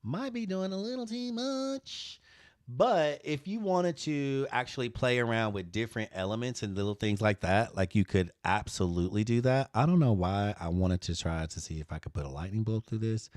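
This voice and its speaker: Sassy, animated man teaching design. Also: on the low side, moderate pace, dry recording, clean studio sound. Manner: playful, sassy, talks to viewers as y'all. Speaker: design tutorial host. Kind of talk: live design tutorial.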